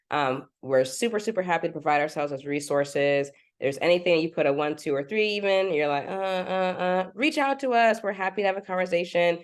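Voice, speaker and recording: Low, smooth-voiced enthusiastic woman. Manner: enthusiastic, casual. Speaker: co-facilitator. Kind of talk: online training session.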